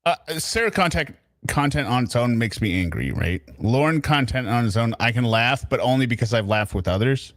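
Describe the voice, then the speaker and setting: A man's voice: medium pitch, animated, brisk, a bit bright, no echo, clean studio sound. A man hosting a live stream, chatting casually and often tagging his points with "right?". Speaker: stream host.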